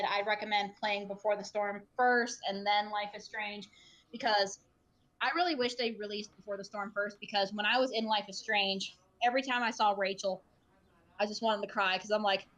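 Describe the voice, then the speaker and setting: Bright, earnest woman on a podcast. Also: medium pitch, fairly even intonation, normal speed. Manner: earnest, emotional, rambling with fillers. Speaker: podcast guest, streamer. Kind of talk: casual podcast chat.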